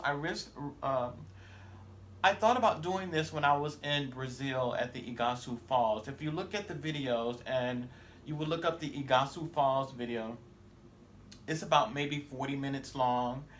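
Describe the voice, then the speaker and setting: A man's voice: fairly high pitch, moderate pace, fairly bright tone, a little hiss or hum. Rambling male travel vlogger. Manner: rambling, with many fillers and self-corrections. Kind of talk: casual vlog talk to camera.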